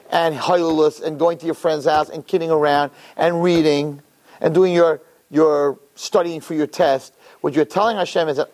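A man, a rabbi, giving a sermon to young men through an animated, joking story. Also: on the high side.

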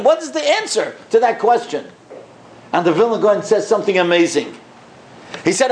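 A man preaches and tells a story as a rabbi in an echoey room. His voice sits high and turns more animated when he quotes others. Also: a little fast. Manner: earnest, rising to animated pitch when quoting. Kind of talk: sermon storytelling.

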